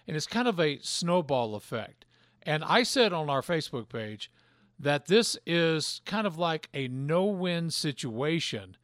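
A man hosting a wrestling podcast who speaks in a deliberate, emphatic way. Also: a little high, a bit bright, dry recording, studio quality. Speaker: podcast host. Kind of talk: casual chat.

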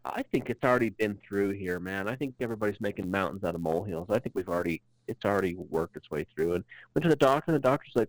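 A man's voice: lowish voice, animated, fast, dry recording, rough recording. A man from Utah co-hosting a podcast, chatting casually in a laid-back way with plenty of fillers. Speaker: podcast co-host. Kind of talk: casual chat.

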